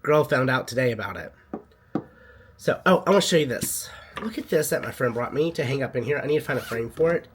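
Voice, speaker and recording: A man's voice: mid-range voice, expressive, fairly quick, noisy background. Chatty man with a cough. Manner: chatty, sassy storytelling. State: coughing, under the weather. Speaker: vlogger and boutique owner. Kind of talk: casual vlog chat.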